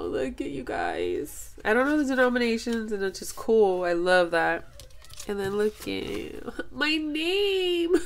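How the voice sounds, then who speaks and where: A woman from Los Angeles vlogging casually as she opens mail, gushing and excitable, laughing often. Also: medium pitch. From Los Angeles, USA. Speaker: budgeting vlogger. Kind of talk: casual vlog, opening mail.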